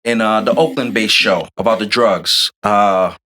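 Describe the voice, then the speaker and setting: A man's voice: on the low side, unhurried, pushed and bright. An American man hosting a casual podcast chat, loose and joking, heavy on slang. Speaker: podcast host.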